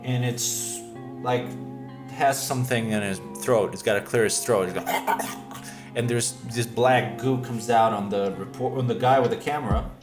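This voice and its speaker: A man's voice: medium pitch, steady tone, unhurried, roomy sound, music in the background. A man casually retelling a story while drawing on a livestream, rambling and digressive. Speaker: streamer. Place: room with reverb.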